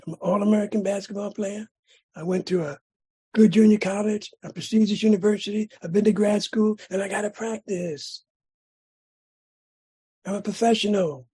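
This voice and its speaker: A middle-aged man from California sharing his recovery story at a meeting, telling it dramatically with sudden loud bursts and rhythmic repetition. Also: high-pitched, steady tone, moderate pace, pauses often, husky. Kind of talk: personal recovery testimony.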